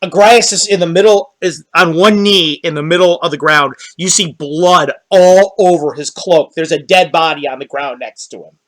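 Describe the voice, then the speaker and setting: A man running a tabletop game as game master, narrating scenes in a halting, descriptive way. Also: fairly high pitch, fairly bright tone. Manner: descriptive, halting, with restarts and quick laughs.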